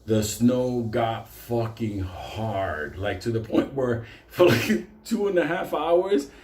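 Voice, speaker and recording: A man's voice: mid-range voice, slow pace. Profane, laughing male storyteller in a roomy space. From Puerto Rico. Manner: profane, animated, laughing through his story. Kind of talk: casual comic storytelling. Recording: roomy echo.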